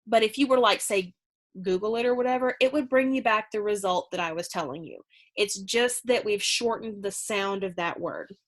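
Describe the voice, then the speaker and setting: In a recorded remote lesson, a woman teaches middle school English conversationally, explaining things with fillers and asides. Her voice sits in the mid-range and moves at a moderate pace.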